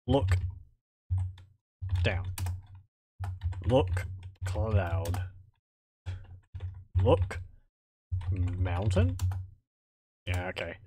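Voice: sits low, lively intonation, drawn-out words, pauses often, mellow, slight background noise. A streamer doing let's play commentary, thinking aloud, speaking typed game commands and chuckling. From Australia.

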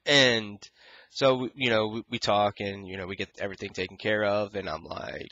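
Frustrated young man ranting, bright voice. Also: on the low side, moderate pace, no echo, muffled recording. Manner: frustrated, rambling, quotes others in exaggerated voices. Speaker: gaming YouTuber. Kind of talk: casual ranting vlog.

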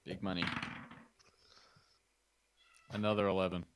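A man's voice: deep voice, level tone, measured pace, a little hiss or hum. A man playing a tabletop game who talks in a playful way. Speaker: player. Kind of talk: casual game talk.

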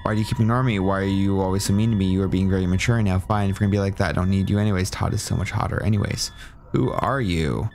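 A man's voice: low-pitched, fairly even intonation, very fast, darkish tone, a little hiss or hum. A young man giving casual, profane commentary while playing a horror game, now and then dropping to a whisper. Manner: joking, swears a lot, drops into whispers. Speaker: gaming streamer. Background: game music.

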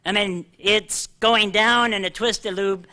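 An older man preaching a sermon, animated and joking at himself, slowing down to read scripture aloud. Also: high voice. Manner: animated, self-deprecating, reads scripture slowly. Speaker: pastor. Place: church hall.

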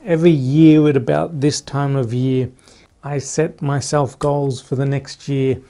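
A man chatting casually in a vlog from a small room at home, rambling in a relaxed way with fillers. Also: medium pitch, a little slow. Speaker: YouTuber.

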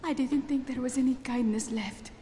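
A woman's voice: high voice, fairly even intonation, normal speed, dark tone, a little hiss or hum, lightly acted. An actress playing a frightened, grateful mother in a game cutscene, with a trembling delivery. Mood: fearful. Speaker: game character.

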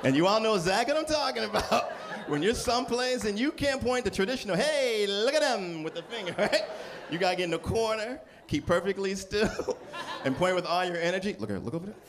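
Male comic, high and animated, playful conspiratorial asides, noisy club recording. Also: a little fast. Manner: conspiratorial, acts out whispers and pointing. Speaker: stand-up comedian. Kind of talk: stand-up comedy observational bit. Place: comedy club stage.

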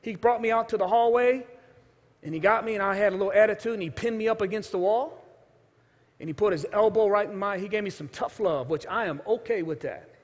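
High-voiced male pastor preaching. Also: brisk, big-room sound. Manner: storytelling, acts out quoted voices, shifts from loud to hushed. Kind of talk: sermon. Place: church sanctuary.

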